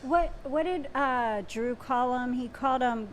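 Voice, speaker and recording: A woman co-hosting a casual live stream, bubbly and quick to laugh. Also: sits high, a little hiss or hum. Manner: bubbly and gushing, laughs easily. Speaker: co-host.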